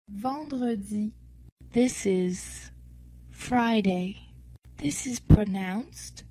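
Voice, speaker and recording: A woman giving a language lesson, saying each word slowly and repeating it for learners. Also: mid-range voice, mellow, rough recording. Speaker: French teacher. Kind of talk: slow, deliberate language lesson.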